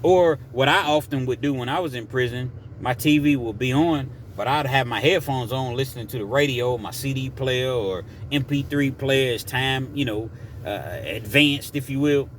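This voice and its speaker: A man's voice: medium pitch, moderate pace, a little hiss or hum. A man casually telling a story from his prison days in a conversational, digressive way.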